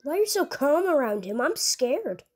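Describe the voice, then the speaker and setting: Woman doing a squeaky, stammering fast-food cashier. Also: sing-song, darkish tone. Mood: flustered. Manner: stammering, flustered. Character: nervous squeaky young fast-food cashier, easily flustered.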